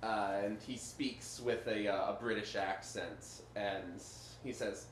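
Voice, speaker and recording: A man runs a tabletop game in an unhurried, halting way, filling gaps with ums. His voice sits a little low, and the recording has a roomy echo with a faint hiss behind it. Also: steady tone. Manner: slow and hesitant, many ums. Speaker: game master. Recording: echoey room, faint noise.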